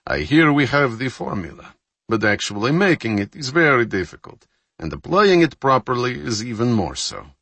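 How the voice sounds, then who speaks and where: A man voicing a calm older admiral who speaks in a dry, measured manner. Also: mid-range voice, husky, no echo, voice pushed up, full character voice.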